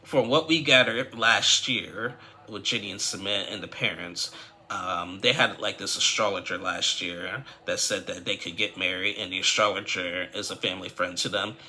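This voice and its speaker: A man's voice: deep voice, moderate pace, sharp tone. A man chatting casually as he recaps a reality TV episode, rambling with many fillers and restarts and acting out the quotes. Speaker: TV recap vlogger.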